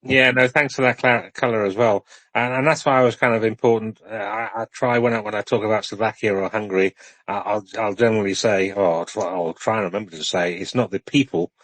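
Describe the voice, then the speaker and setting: A man's voice: on the low side, fairly even intonation, fairly quick, fairly bright tone, dry recording. A British man co-hosting an online audio discussion, talking in a conversational, hedging, self-deprecating way. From United Kingdom. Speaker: co-host.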